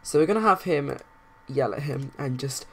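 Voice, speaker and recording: A woman narrating her life-simulation game playthrough in rambling casual commentary, with bursts of excited outrage. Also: sits low, normal speed, breathy edge. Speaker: let's play narrator.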